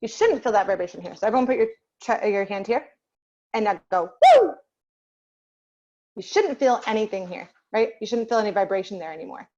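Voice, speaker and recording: A woman's voice: medium pitch, fast, a little mellow, muffled recording. Patient woman teaching an online voice class. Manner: patient, asks the class questions and waits. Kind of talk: online group voice lesson. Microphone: video call.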